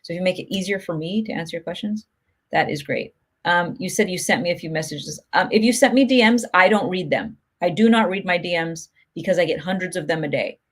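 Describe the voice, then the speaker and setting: Her voice is fairly low with a breathy edge, and she talks briskly. As a music promotion host on a casual livestream, she responds to comments cheerfully and chattily, saying "like" and "you know" constantly.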